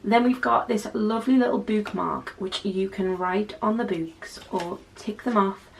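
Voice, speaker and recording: A North East English woman in her twenties talks casually to camera, throwing in wry asides. Her mid-pitched voice has a gravelly fry, and a faint noise sits under the recording. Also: measured pace. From North East England. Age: 20s. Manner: chatty, wry asides to the viewer. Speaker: channel host. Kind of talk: casual chatty vlog unboxing.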